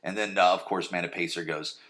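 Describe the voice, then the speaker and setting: Low-voiced man rambling through a recap. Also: fairly even intonation, fast talker, fairly bright tone. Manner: rambling, crude, checks in with "right?" often. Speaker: podcast host. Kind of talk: casual TV episode recap.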